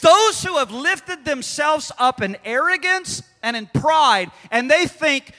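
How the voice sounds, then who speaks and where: Guy preaching a fiery sermon, high sharp voice, big echoey hall, quiet bits then yelling. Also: animated, slow pace, hardly any pauses. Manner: swings from hushed asides to shouted proclamations. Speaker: pastor.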